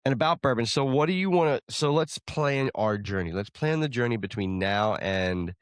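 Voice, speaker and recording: A man's voice: mid-range voice, moderate pace, clear, resonant tone, no room sound. Dry-sounding man telling a story. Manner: storytelling, teasing, animated retelling. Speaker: podcast co-host. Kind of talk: casual chat.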